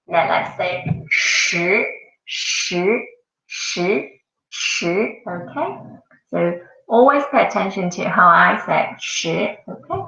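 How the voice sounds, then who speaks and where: Woman teaching pupils, slow and echoey. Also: mid-range voice, vocal fry, fairly bright tone. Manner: slow, repeats each sound many times for pupils. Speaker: Mandarin teacher. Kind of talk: classroom language lesson. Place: school classroom. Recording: far-off mic in an echoey classroom, dull sound.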